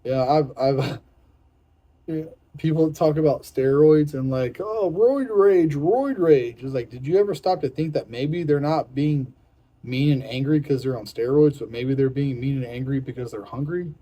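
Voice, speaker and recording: A man's voice: medium pitch, fairly even intonation, normal speed, dark tone, rough recording. A young man on a strict diet, hungry and irritable, talking frankly and repeating himself in a casual vlog. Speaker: fitness vlogger on a diet. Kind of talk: casual vlog talk to camera.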